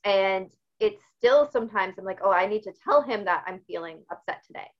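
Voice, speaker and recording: A woman's voice: mid-range voice, a little fast, dull audio. A woman guest on a podcast, speaking openly and telling personal stories with animation. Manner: open, animated storytelling. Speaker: guest, author and fitness expert. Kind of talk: podcast interview.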